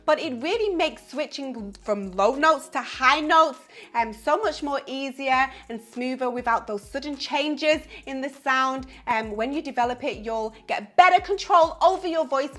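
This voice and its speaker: A woman's voice: high voice, fairly bright tone. A woman vocal coach giving an upbeat singing lesson to camera, explaining with the odd "you know" and "um".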